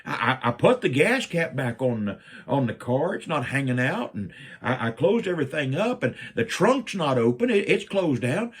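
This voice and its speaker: A middle-aged man from Virginia, telling a personal story and acting out his own lines with big jumps up in pitch. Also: normal speed, breathy edge. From Virginia, USA. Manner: animated, jumps up in pitch when quoting himself.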